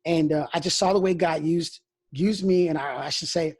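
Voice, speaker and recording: Husky, high-pitched man pastor. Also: normal speed, a little mellow. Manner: frank, storytelling, often restarts phrases. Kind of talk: candid conversational interview.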